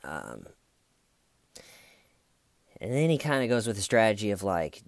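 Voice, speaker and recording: A man's voice: fairly low pitch, huge pitch swings, measured pace, creaky, dry recording, clean studio sound. A man casually commenting on a true crime case in a chatty, sarcastic, rambling way.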